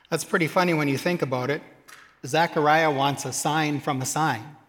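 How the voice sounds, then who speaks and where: A man's voice: a little high, fairly bright tone, big-room sound. A man preaching a sermon, reading scripture aloud and adding humorous asides. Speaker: pastor.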